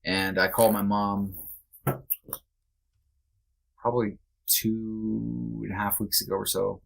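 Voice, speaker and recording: A man's voice: on the low side, flat delivery, creaky, soft background music. A man guesting on a podcast, speaking candidly and reflectively with many restarts. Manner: earnest, halting, reflective with restarts. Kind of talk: candid conversation.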